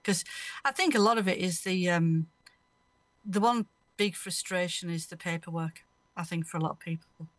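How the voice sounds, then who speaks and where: A woman's voice: lowish voice, normal speed, dry recording. A woman hosting a radio show, chatting casually and telling rambling anecdotes, often laughing mid-story. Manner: rambling, anecdotal, laughs through her stories. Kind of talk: casual chat.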